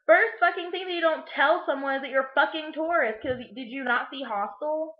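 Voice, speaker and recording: A young woman with a higher voice rambles through a crude, sarcastic movie recap, full of fillers. She is recorded in an echoey room. The sound is muffled and lo-fi. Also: a little fast. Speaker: vlogger. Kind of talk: casual movie recap vlog.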